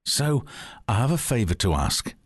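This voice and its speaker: A man playing an excitable old man in his nineties, a devoted rugby fan who talks with raised, eager energy. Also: mid-range voice, moderate pace, slightly rough, dry recording, clean studio sound, pitched above the performer's own voice. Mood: earnest.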